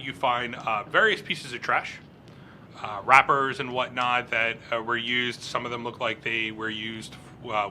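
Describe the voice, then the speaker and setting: Bright-voiced guy game mastering, rambly with lots of uhs, bit of hiss. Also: medium pitch. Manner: relaxed, halting narration with many fillers. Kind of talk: narrating a tabletop game.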